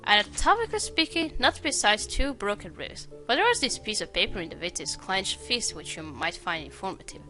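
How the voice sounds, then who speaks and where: A woman's voice: mid-range voice, lively intonation, fairly quick, few pauses, pushed and bright, faint music behind. Woman reading as a pedantic male medical examiner. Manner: read aloud from on-screen text.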